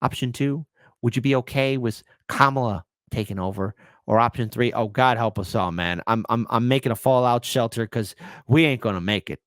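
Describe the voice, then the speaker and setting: A man's voice: mid-range voice, moderate pace, no echo, studio quality. A man hosting a live political commentary stream, sarcastic and talking to his chat. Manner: sarcastic, animated, talks to chat.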